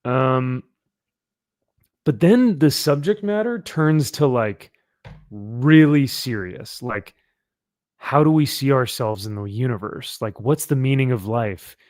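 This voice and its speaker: A man's voice: mid-range voice, slow pace, darkish tone, no echo, studio quality. Rambling man reviewing comics. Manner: rambling, filler-heavy, laughing. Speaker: podcast host. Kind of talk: casual comic review chat. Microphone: headphones and desk mic.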